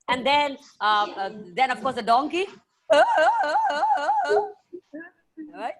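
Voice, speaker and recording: A woman's voice: fairly high pitch, animated, normal speed. Woman, children's storyteller, playful chants and sound effects, video call mic. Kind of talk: live storytelling session for children.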